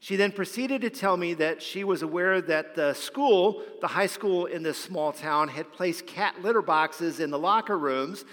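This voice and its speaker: A man's voice: sits high, measured pace, hardly any pauses, a bit bright. A man, a pastor, preaching a sermon and telling a story, often repeating a word as he starts a phrase. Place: church sanctuary. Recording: long hall reverb.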